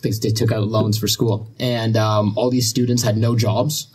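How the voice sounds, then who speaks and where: A man's voice: on the low side, little pitch movement, a little mellow, a little hiss or hum. A Russian-born man, a guest chatting casually on a podcast and laughing often. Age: 20s. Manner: easygoing, laughs often, halting with fillers.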